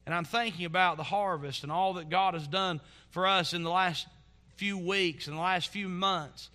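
A man preaching a sermon in a church as pastor, earnest and building to fervent emphasis, then dropping to soft asides. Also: high-pitched, fairly even intonation, moderate pace.

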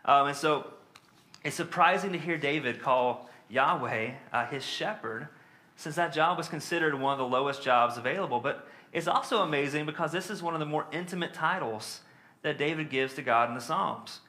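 A man delivers a sermon in a relaxed, conversational teaching style. His voice is bright and forward, and he leans on fillers and tag questions as he explains. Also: a little high, moderate pace. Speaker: preacher.

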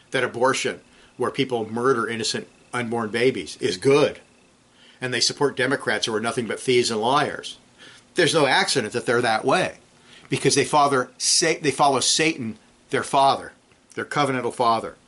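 A man preaching a sermon, swinging between loud emphatic peaks and low, quiet drops. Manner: clears throat now and then.

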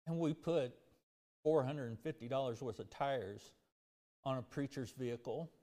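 A man's voice: medium pitch, normal speed, dark tone. Earnest male preacher in a reverberant hall. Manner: earnest, drawing a lesson. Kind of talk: sermon. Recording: long church hall reverb.

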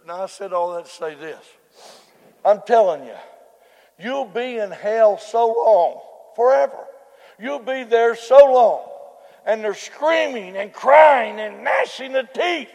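Male preacher, very high gravelly voice, slow unhurried delivery, hushed asides and fervent shouts, long church-hall echo. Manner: swings between hushed murmurs and fervent shouting. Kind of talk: hellfire sermon. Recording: long reverb of a large hall.

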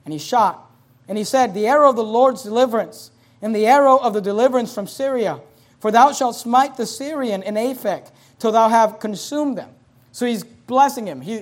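A male pastor preaching a sermon, reading scripture aloud and building to shouted emphasis. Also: very high voice. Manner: reads scripture in King James English.

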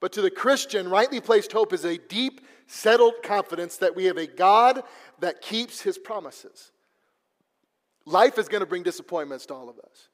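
Pastor, male, high pitched, storytelling sermon delivery with restarts; church hall reverb. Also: lively intonation, normal speed. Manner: storytelling preacher with repeated restarts. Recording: long reverb of a large hall.

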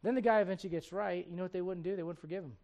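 A man with a high-pitched voice preaches a sermon as pastor. He keeps asking his listeners rhetorical questions and acts out the voices he quotes. He swings between loud, pressing emphasis and low, quiet asides. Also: fairly even intonation, racing, creaky.

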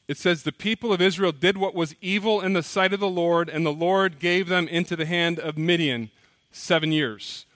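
High-voiced animated male pastor preaching. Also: normal speed, no echo. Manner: animated storytelling, acts out quoted voices. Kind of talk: sermon. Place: church.

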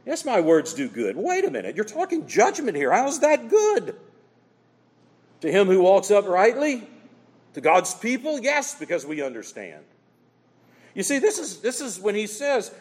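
A man's voice: high voice, huge pitch swings, moderate pace, darkish tone, slightly rough, long reverb tail. A man preaching a sermon as pastor, emphatic and quoting scripture dramatically.

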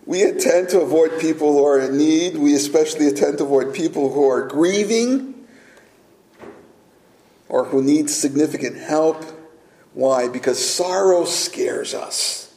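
A middle-aged man preaching a sermon as pastor, earnest and deliberate, with filler words. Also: fairly high pitch, dark tone. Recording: echoey room.

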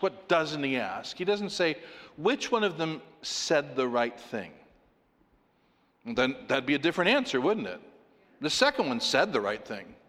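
A man preaching a sermon, animated and playful, acting out the voices of people in his story with laughs. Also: fairly high pitch. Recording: long hall reverb.

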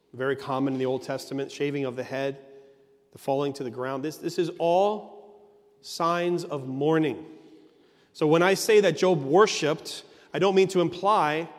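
Male pastor, mid-high voice, earnest sermon delivery, repetitive emphasis, reverberant church sound. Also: fairly even intonation, unhurried.

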